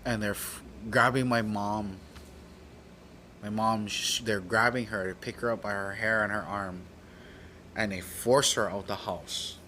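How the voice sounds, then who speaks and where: A man's voice: fairly low pitch, fairly even intonation, measured pace, bright, forceful tone, slight background noise. A middle-aged man from Hawaii telling a personal story, heated and profane, acting out the dialogue. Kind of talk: personal story told aloud.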